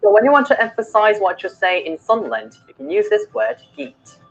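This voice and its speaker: A woman presenting a language explainer video, speaking slowly and deliberately. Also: mid-range voice, huge pitch swings, creaky, dull audio, faint music behind. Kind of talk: scripted explainer narration.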